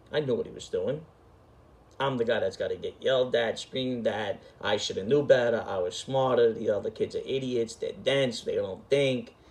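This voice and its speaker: A man's voice: mid-range voice, a little mellow. A middle-aged man, telling a story in an emphatic, profane, street-talking way. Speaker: storyteller host. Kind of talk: casual storytelling.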